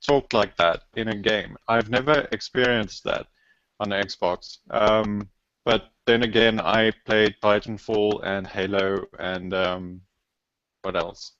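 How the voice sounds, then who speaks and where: A man with a lowish voice talks in a measured, hesitant way on a gaming podcast, pausing on fillers. The audio is dull and lo-fi. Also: steady tone, fairly bright tone, no room sound. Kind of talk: opinionated podcast discussion.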